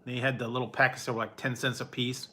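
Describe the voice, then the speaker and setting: A man's voice: mid-range voice, level tone, fast talker, pushed and bright. A man hosting a casual livestream from home, rambling and laughing often as he chats with viewers and talks to his pet. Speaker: livestream host. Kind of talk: casual chat with live chat viewers.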